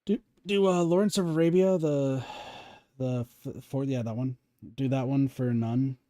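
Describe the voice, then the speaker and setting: A man streaming a game, coaching his co-player in a halting, filler-heavy way while he keeps hiccuping. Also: medium pitch, steady tone, warm tone, no room sound. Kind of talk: casual gaming chat.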